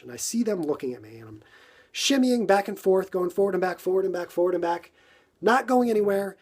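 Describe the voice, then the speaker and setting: A man's voice: high voice, expressive, fairly quick, darkish tone. A man from New York telling a casual story on a phone livestream, acting out his own frustration with lots of repetition.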